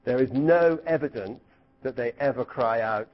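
A middle-aged man teaching the Bible to a live group, lively and questioning, sometimes acting out cries. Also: medium pitch, moderate pace, highs cut off. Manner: asks the audience questions, lively, acts out cries.

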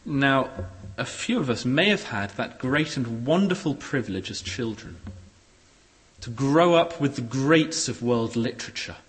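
A man preaching a sermon in a church hall, expressive, with shifting pace and loudness. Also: mid-range voice, unhurried. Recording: echoey hall.

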